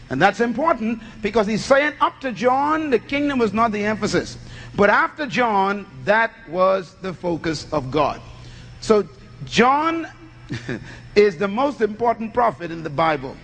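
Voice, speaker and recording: A man's voice: high-pitched, expressive, unhurried, fairly bright tone, in a large hall. A man preaching a teaching sermon, reading scripture aloud, then posing questions and answering them himself. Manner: reads scripture aloud and explains it.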